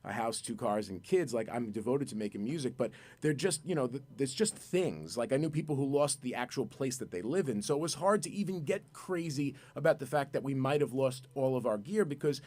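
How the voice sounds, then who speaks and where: A man from Brooklyn, a musician guest telling a long, excitable story in a radio studio and repeating his words. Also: mid-range voice, brisk, hardly any pauses. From Brooklyn, New York. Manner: rambling, excitable, repeats words, acts out voices.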